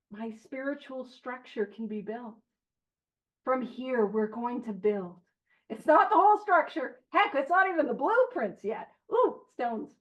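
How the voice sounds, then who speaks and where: A woman leading an online recovery study group, reading passages aloud and chatting through them with animated, jokey digressions. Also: a little high. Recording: slightly muffled online stream audio.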